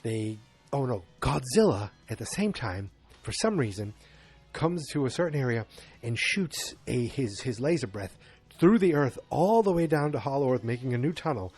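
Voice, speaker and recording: Soft background music plays behind a man whose medium-pitched voice is husky, a little mellow, and sing-song at a normal speed. He hosts a podcast, rambling through a movie recap with sarcasm and self-deprecating notes about what he doesn't understand.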